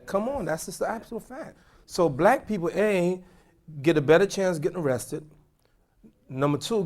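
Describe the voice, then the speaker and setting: Animated imam quizzing his class. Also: on the high side, moderate pace. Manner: animated, questioning, repetitive emphasis. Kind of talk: lecture with audience questions.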